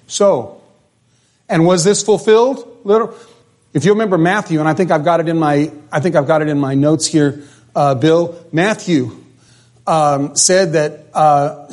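Male pastor, casual sermon delivery, voice a touch high, quizzes the congregation. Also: darkish tone. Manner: conversational, asks the congregation questions.

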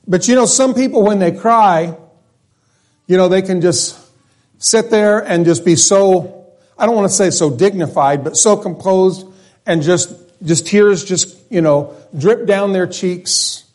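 A man's voice: high-pitched, a little mellow. A man preaching a sermon in a church, leading a prayer and then teaching in a conversational way, restarting phrases and putting questions to the congregation. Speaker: pastor. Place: church sanctuary.

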